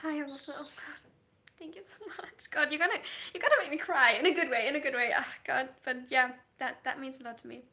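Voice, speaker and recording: Bright, high-voiced woman chatting on stream. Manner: chatty and animated, with quick laughs and restarts. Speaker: livestreaming story writer. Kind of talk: casual livestream chat, reacting to viewers' messages.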